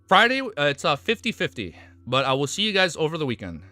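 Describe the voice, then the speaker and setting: A young man with a bright, ringing voice chats loosely through a stream sign-off, his pitch bouncing all over the place. He rambles in an easygoing way and keeps slipping into doting baby talk aimed at his dog. Faint music plays behind him. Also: huge pitch swings, fast, dry recording. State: low energy. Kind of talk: casual stream outro chat. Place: home, sitting on the floor.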